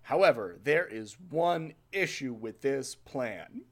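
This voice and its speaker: A man casually telling a history story on a podcast, animated, swearing freely and laughing often. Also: medium pitch, slow pace.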